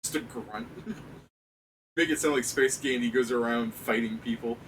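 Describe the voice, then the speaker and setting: A man serves as game master on a tabletop game stream. His bright voice sits in a middling range. He rambles and laughs often, and faint noise hums under the talk. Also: medium pitch, normal speed, low-quality recording. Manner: rambling, laughs often, trails off mid-thought. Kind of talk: casual chat during a tabletop game stream.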